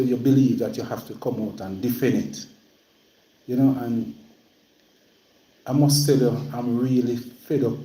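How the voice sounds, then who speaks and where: A man's voice: mid-range voice, warm tone, echoey room, low-quality recording. A Jamaican man hosting a livestream, speaking plainly and repeating himself when stirred. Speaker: livestream host. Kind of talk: casual livestream talk.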